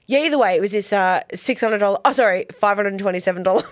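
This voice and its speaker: A woman's voice: medium pitch, rapid-fire, dry recording. A woman recaps a TV episode with her co-host in a home garage studio, laughing often and slipping into playful quoted voices. Her voice sits in a middle register. The sound is dry and close on a podcast microphone. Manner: chatty, giggly, quotes characters in playful voices. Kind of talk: casual chat recapping a TV episode.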